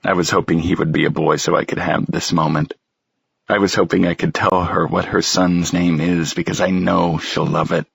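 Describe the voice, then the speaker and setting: Low slow guy reading a love story, husky, dry close sound. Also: no echo. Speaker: audiobook narrator. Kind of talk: first-person audiobook narration.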